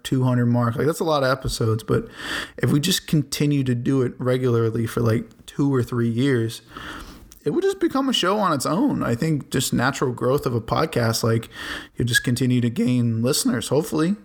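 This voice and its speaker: A young man, a college student, hosting his own solo podcast in a rambling, laid-back way, with casual swearing. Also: medium pitch. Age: young adult. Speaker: podcast host.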